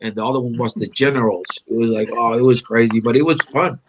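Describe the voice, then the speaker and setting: A man from Puerto Rico reminiscing in an interview, animated and acting out quoted lines with big pitch jumps. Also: quick pace, highs cut off, a little hiss or hum. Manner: animated storyteller, acts out quotes with sharp pitch jumps, non-native phrasing. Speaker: interview guest, black belt.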